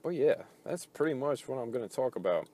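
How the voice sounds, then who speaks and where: A man's voice: mid-range voice, lively intonation, fairly quick, dark tone. Profane, frustrated man ranting casually. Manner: frustrated, profane, rambling with many fillers. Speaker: gaming video host.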